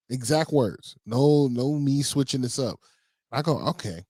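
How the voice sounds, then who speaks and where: A man co-hosting a podcast, telling parenting stories in a relaxed, rambling way full of fillers. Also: medium pitch, unhurried, dry recording. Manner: relaxed storytelling with many fillers. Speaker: podcast co-host. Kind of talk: casual chat.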